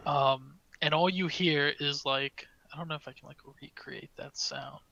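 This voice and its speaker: A man's voice: on the high side, steady tone, moderate pace, creaky, sharp tone, highs cut off, a little hiss or hum. A man narrating a tabletop game as game master, hesitant with many fillers.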